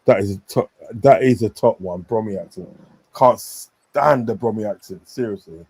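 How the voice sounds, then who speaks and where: A man hosts a casual football stream, giving blunt opinions and reading out comments. His voice sits on the low side and has a dark, mellow tone. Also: normal speed, breathy edge, low-quality recording. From English Midlands. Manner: blunt, opinionated, reads viewer comments aloud. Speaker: stream host. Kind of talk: casual live stream chat.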